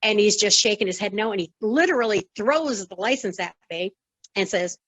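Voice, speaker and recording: An older woman in her sixties recounts her past as a guest in an interview. Her voice sits at an ordinary pitch, and she brings her story to life by acting out what each person said. The recording is dry and close, with no room sound. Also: moderate pace, no room sound, highs cut off. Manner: lively storyteller who acts out quoted dialogue. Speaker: former wrestling referee, interview guest. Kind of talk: conversational storytelling.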